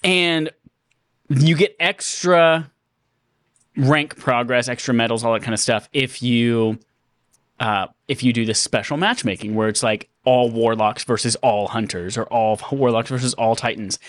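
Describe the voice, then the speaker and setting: A man's voice: mid-range voice, a little slow, fairly bright tone, dry recording. A man co-hosting a podcast, chatting casually and laughing often. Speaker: podcast co-host. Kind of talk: casual chat.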